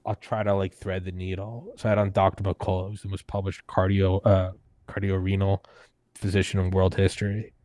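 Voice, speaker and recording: A man in his thirties with a somewhat low voice, telling a story in an animated, profane way and often stopping to restart his sentences. He sounds close and dry, with no room echo. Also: fairly quick. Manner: animated, profane, acts out quoted people; frequent "like" fillers and restarts. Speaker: podcast host and guest. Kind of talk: casual conversational storytelling.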